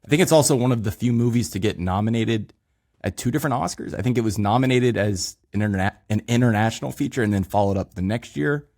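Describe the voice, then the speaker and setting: A man's voice: lowish voice, quick pace, darkish tone. A man co-hosting a movie podcast, talking loosely with many fillers and restarts. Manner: rambling, loose filler-laden phrasing. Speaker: podcast co-host. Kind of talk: casual movie chat.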